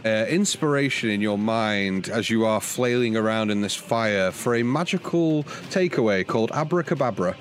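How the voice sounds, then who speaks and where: A man's voice: on the low side, expressive, moderate pace, few pauses, a little hiss or hum. Upbeat man running a tabletop game. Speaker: dungeon master.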